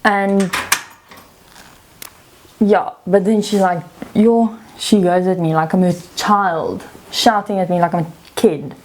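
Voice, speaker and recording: A young woman with a slightly low voice tells a casual vlog story about a bad job. She sounds frustrated and animated as she relives it, and her delivery is loose and chatty. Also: slow, long pauses. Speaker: vlogger.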